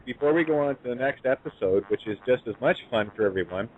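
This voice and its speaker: A man hosting a talk show who speaks haltingly with many fillers and breaks in on his guest. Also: mid-range voice, lively intonation. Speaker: host. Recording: tinny phone line.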